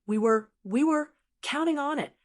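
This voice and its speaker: A desperate daughter-in-law, shrieking and stammering as she pleads, as a woman reading a story puts her on. Her voice rides high and strained, tripping over repeated words. She begs and panics, never settling. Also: normal speed, natural voice. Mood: panicked.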